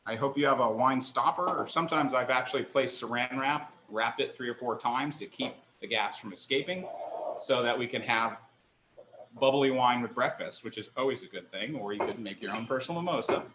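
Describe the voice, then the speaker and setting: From a kitchen counter indoors, a middle-aged man hosts a live online wine tasting class, talkative, enthusiastic and quick to tease himself. His medium-pitched voice is pushed and bright and fairly quick, with a roomy sound and slight background noise.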